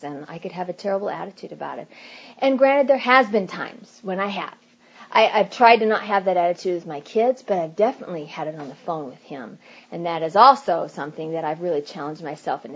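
A woman in her thirties giving earnest, faith-based advice in casual talk, acting out little quoted asides in a hushed voice. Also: on the low side, husky, highs cut off.

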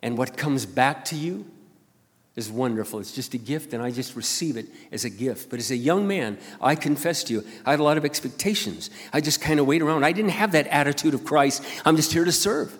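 An older man preaching a sermon as a pastor, swinging between loud emphatic bursts and quiet intimate asides. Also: medium pitch, fairly quick. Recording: long hall reverb.

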